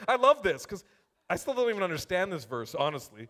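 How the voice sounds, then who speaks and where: A man preaching a sermon, reading scripture aloud and talking to the congregation in a casual, animated way. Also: sits high, fairly quick. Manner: animated, conversational, addresses congregation directly; reads scripture aloud with rising emphasis.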